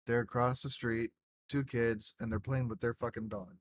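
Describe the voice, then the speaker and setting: A man's voice: mid-range voice, steady tone, moderate pace, no room sound, clean studio sound. A young man in casual chat, rambling through a story with lots of fillers and swearing. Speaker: gaming group member telling a story.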